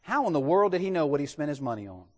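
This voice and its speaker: A man preaching a sermon in an animated way, putting rhetorical questions to his congregation. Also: on the high side, fast, in a large hall.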